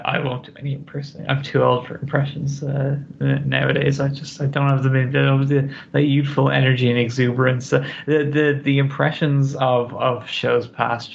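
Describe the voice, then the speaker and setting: A man hosting a podcast in casual chat, halting and wry, with many restarts. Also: mid-range voice, creaky. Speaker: podcast host. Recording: dull, lo-fi podcast mic with faint noise.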